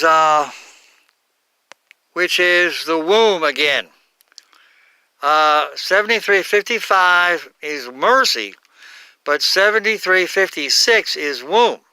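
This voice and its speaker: Halting, slow man with a bright voice. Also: sits high, clean tone, dry recording. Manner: halting, many fillers and self-corrections. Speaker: Bible teacher. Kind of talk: unscripted Bible talk.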